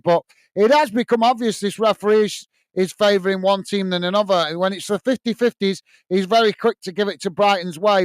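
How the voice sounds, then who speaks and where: A man's voice: high-pitched, clear, resonant tone, no room sound. A man hosting a live football watch-along, reading out viewers' chat messages and complaining about the referee's bias. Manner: indignant ranting about the referee with chatty asides.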